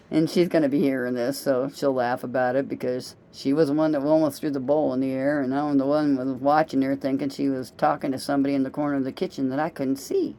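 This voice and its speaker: A middle-aged woman chats into her camera in a loose, meandering vlog. Her voice is mellow and unhurried in tone, and she tells homey anecdotes with a self-amused, gossipy ease. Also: very deep voice, steady tone. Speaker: vlogger. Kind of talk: casual rambling monologue.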